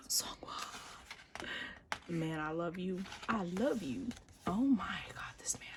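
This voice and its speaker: A woman's voice: lowish voice, background noise. A young woman, casually gushing and gasping as she unboxes an album, often dropping to a whisper. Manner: gushing fan, gasps and squeals, slides into whispers.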